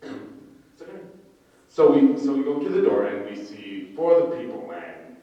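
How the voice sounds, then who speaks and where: A man's voice: medium pitch, sing-song, normal speed. A young man telling a story on a convention panel, rambling and restarting often. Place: large convention panel room. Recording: echoey hall, far from the mic, dull sound.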